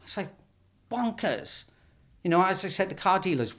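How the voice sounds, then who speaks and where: Relaxed, plain-spoken male podcast host. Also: high-pitched, normal speed, long pauses. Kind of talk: conversational interview.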